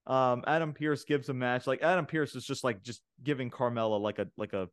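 A man co-hosting a wrestling podcast, recapping the show in casual chat, excitable and full of fillers and laughs. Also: medium pitch, brisk, clean tone. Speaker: podcast co-host reviewing wrestling.

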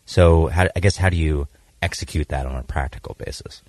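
A man's voice: a bass voice, brisk, dry recording, studio quality. A man hosting a podcast in casual chat, talking loosely with lots of fillers. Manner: relaxed, filler-heavy talk. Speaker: podcast host.

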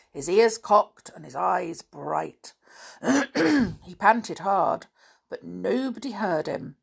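Slow, gravelly woman reading a storybook. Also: fairly low pitch. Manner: calm, unhurried storytelling. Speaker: narrator.

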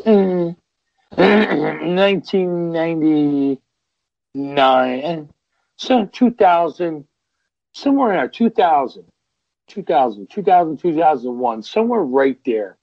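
Slow, gravelly-voiced middle-aged man. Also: on the high side, big pitch swings, no echo. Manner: rambling, with many restarts and repeated words. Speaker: guest, veteran pro wrestler. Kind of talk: storytelling podcast interview. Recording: dull lo-fi podcast audio.

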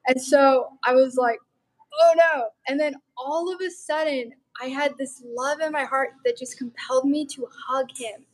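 A young adult woman from Montana, a guest telling a personal faith story in an animated, casual way, with lots of "like". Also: high-pitched, moderate pace, hardly any pauses, low-quality recording. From Montana, USA. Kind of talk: personal testimony in casual chat.

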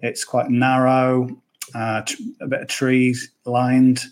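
A man's voice: medium pitch, completely flat delivery, takes it slowly, darkish tone. A man with an English accent, a golf betting pundit chatting casually on a podcast, rambling with jokey asides.

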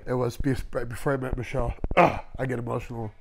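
A man's voice: medium pitch, flat delivery, fast, vocal fry, slight background noise. A man in his thirties from Las Vegas, a tattoo artist telling candid, emotional stories in a casual interview and swearing freely.

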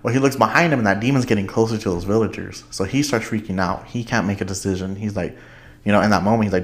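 Excitable young man rambling with laughs. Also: on the low side, fast. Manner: excitable, laughs often, rambling with many fillers. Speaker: podcast host. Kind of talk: casual chat.

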